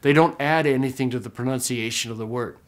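A man teaching a recorded class, explaining step by step, often checking in with "okay?", and slowing way down to model pronunciations. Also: mid-range voice. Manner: slow, drawn-out demonstration of pronunciations. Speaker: Greek teacher.

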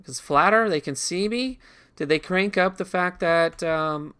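Bright-voiced man rambling over gameplay. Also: sits high, unhurried, clean tone. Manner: rambling and reflective, with frequent restarts and asides to the game. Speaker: gaming channel host. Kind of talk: casual storytelling over gameplay commentary.

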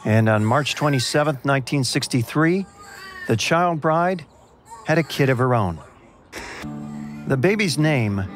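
A man giving measured, dramatic, scripted narration for an audio drama. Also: mid-range voice.

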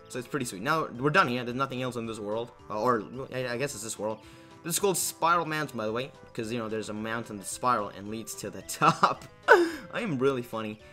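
A man's voice: medium pitch, pushed and bright. A young man casually commenting while playing a video game, rambling and joking about himself, with lots of fillers. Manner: rambling, self-deprecating, many fillers and restarts. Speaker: let's play host.

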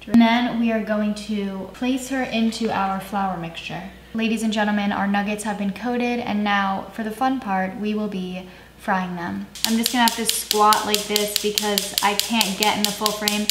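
A woman's voice: medium pitch, steady tone, normal speed. Young woman, cooking vlog host, sarcastic, self-mocking, roomy kitchen, noisy background. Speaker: cooking vlogger. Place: home kitchen.

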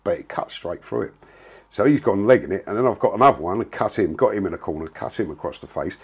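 A man's voice: sits low, quick pace, husky. A man, telling a story in a blunt, casual way, full of slang and swearing. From England. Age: 60s. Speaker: interviewee.

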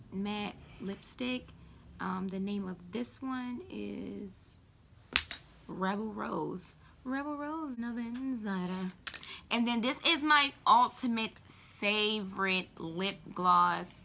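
A woman talks casually to her camera about her makeup, playful and chatty. Her voice is bright and forward with a gravelly rasp at the bottom. She keeps slipping into quick side remarks. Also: mid-range voice, slight background noise. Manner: chatty, playful, drops into asides. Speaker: beauty vlogger, mother.

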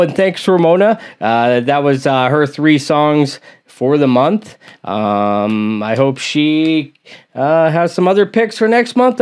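A man's voice: medium pitch, darkish tone, clean tone. Rambling man reading viewer comments. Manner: rambling, hesitant, with many fillers and asides. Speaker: reaction video host.

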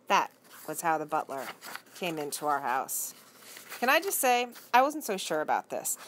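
A woman reading a storybook aloud for a library, narrating in first person in an expressive, unhurried way. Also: low-pitched, slight background noise. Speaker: library reader.

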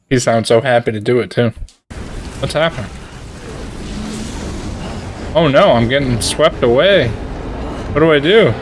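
A man giving casual, excitable, joking commentary while playing a video game. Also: mid-range voice, moderate pace, pauses often, faint music behind. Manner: excitable, trash-talking, jokey. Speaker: gaming streamer.

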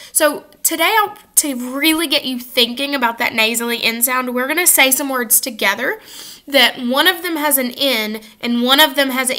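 A woman's voice: sits high, sharp tone. A woman teaching a first grade phonics lesson to children, upbeat and modeling sounds for them to repeat. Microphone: facing camera at close range.

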